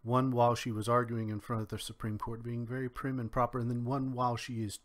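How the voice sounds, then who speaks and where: A young man with a faint Kentucky twang giving solo spoken commentary in a measured, drawn-out way with pauses. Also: medium pitch, little pitch movement. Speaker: commentary podcaster.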